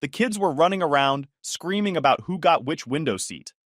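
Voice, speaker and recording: Lively, sarcastic male storyteller. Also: fairly high pitch, moderate pace, dry recording, clean studio sound. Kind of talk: first-person story narration.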